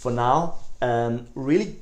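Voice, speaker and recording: A man giving a recorded online sales lesson in a mid-pitched voice. He talks casually, full of "you know" and restarts, and he jumps from loud, eager delivery to quiet, hushed phrases to show how each tone sounds. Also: slow. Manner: demonstrates tonalities, swings between loud enthusiasm and soft hushed lines; conversational, many fillers and restarts. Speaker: sales trainer.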